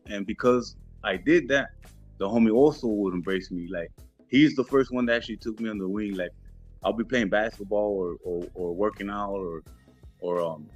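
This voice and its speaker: Low-voiced man telling a story in street slang. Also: husky. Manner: street slang, laid-back, acts out what others said. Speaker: podcast guest. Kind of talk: casual storytelling. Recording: muffled with faint music.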